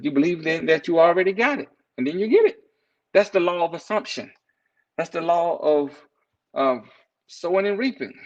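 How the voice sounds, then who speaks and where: A man's voice: on the high side, muffled recording. A man hosting a live stream, giving a casual inspirational talk, reading out viewers' comments and chuckling as he thanks them by name.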